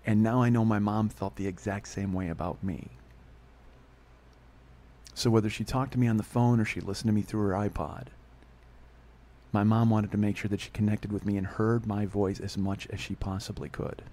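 A man hosting a podcast, telling a comedic story in a fast, profane way and laughing at his own jokes. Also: on the low side, fairly even intonation, mellow. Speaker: podcast host. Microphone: studio podcast mic.

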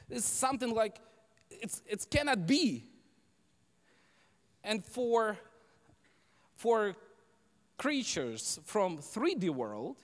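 A man's voice: sits high, long reverb tail. A male pastor with non-native English preaching a sermon, emphatic and repetitive, often asking the congregation "right?". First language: Russian. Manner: emphatic, repeats key phrases, asks the congregation "right?". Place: church sanctuary.

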